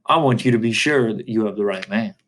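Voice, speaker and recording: A man reading aloud, voicing a calm, methodical middle-aged lawyer who asks measured, probing questions. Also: fairly low pitch, slight background noise, close to an everyday voice.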